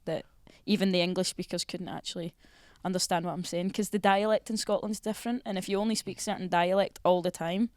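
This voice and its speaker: A woman's voice: on the low side, fairly even intonation, fast, few pauses, dry recording, studio quality. A woman with a Scottish accent, chatting casually as a guest and laughing often. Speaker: footballer guest. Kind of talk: casual chat.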